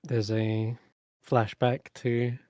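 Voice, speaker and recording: A man narrating as dungeon master in a tabletop game, halting and self-correcting, laughing often. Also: mid-range voice, flat delivery, mellow, dry recording, clean studio sound.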